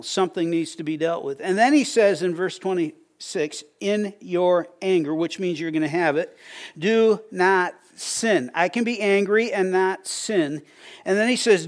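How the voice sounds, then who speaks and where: A middle-aged pastor preaches a sermon in a folksy, storytelling style, frequently tripping over his words and starting again. His voice is a little higher than most men's.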